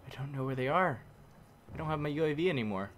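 A man commentating his own game casually, muttering and then shouting in frustration, using mild minced swears. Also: fairly high pitch, lively intonation, quick pace, slight background noise. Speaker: gameplay commentator.

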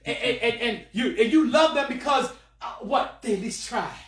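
A man preaching a sermon, shouting and laughing with call-and-response. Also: extremely high pitch, expressive, moderate pace. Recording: echoey room from far off.

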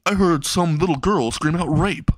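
A man voicing a loud, declaiming muscular hero. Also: a little high, normal speed, no room sound, voice pushed up, lightly acted. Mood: bold. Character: booming muscular male hero, cowardly here.

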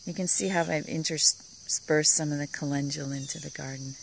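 A woman with a low voice and a gravelly edge leads a relaxed tour of her outdoor vegetable garden, admiring each plant in a soft, hushed way that sometimes drops to a whisper. She is recorded on a handheld camera outdoors, with faint crickets and insects behind her. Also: fairly quick, a little hiss or hum. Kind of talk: casual garden tour vlog.

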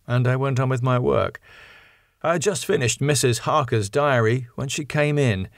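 A man narrating a classic novel as an audiobook, in a measured, even storytelling manner. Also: medium pitch, vocal fry, no room sound, studio quality. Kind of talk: scripted narration.

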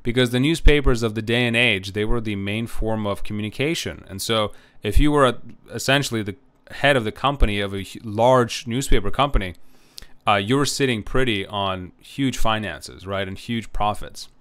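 A man's voice: lowish voice, normal speed, a bit bright, clean tone. A man giving a recorded history lecture, rambling with many filler sounds and frequent "right?" checks.

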